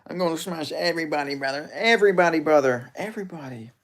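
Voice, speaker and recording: A man doing an impression of a fighter who shouts that he will smash everybody, his voice climbing to a near-scream. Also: on the high side, fast, pitched above the performer's own voice, close to an everyday voice. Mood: manic. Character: wild, roaring male fighter hyping himself.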